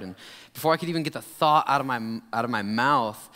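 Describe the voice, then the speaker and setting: A man's voice: mid-range voice, quick pace. A young adult male pastor giving a casual, chatty sermon with slang and loose storytelling. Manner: relaxed, chatty, laid-back slang. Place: church sanctuary. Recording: long church hall reverb.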